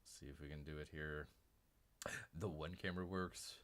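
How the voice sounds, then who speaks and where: With a rumbling low voice, fairly even intonation, moderate pace and fairly bright tone, a man runs a relaxed comic book live stream. He calls himself Bear in the third person, keeps calling viewers "people," and rambles through fillers and restarts.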